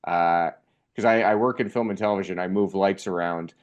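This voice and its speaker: Man telling a funny story, slightly low voice. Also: brisk. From Canada. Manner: animated, acts out the voices of people in his story. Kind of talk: casual comedic storytelling.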